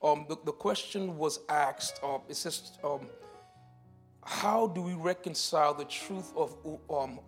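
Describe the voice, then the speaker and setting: A man preaching a sermon in a church, moving between shouted declarations and quiet teaching, often repeating words as he explains. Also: on the high side. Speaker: pastor. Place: church sanctuary.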